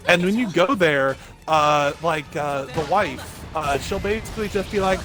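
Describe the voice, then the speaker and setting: Speaking at a normal speed in a high-pitched voice, a young man chats casually while streaming a game. His story meanders and is loaded with filler words, with game music behind him.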